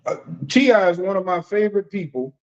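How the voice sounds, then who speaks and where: A man preaching conversationally as an apostle, folksy and animated, often repeating phrases and acting out the voices he quotes. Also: sits high, brisk, lo-fi sound. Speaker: apostle and preacher leading a discussion.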